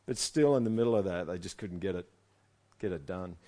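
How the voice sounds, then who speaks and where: A male pastor preaching to a congregation in a casual, conversational way. He reads a passage aloud, then jumps into animated asides that rise loud and high before he drops back to a quiet, low reading voice. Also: a little fast. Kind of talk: sermon reading and commenting on scripture.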